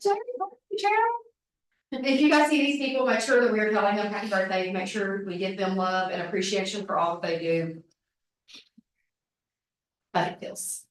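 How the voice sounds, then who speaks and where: A woman's voice: medium pitch, moderate pace, long pauses, slight background noise. A woman hosting an office team meeting, reading announcements in an upbeat, encouraging way. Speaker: meeting host. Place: large meeting room. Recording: very echoey room, distant mic.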